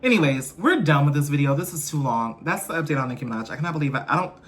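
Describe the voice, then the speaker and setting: A man's voice: a little high, animated, rapid-fire, fairly bright tone. A man hosting a celebrity gossip vlog, chatty and ranting, tossing in playful asides to his viewers. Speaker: host.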